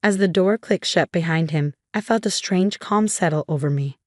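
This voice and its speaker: Low-voiced young woman narrating a story. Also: normal speed, dry recording, clean studio sound. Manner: steady, dramatic storytelling. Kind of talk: scripted first-person story narration.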